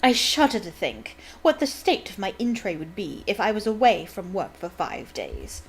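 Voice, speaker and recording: A woman's voice: mid-range voice, wildly swooping pitch, normal speed, gravelly, rough recording. A woman reading aloud voices a sanctimonious, self-important young man fussing about work. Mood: pompous.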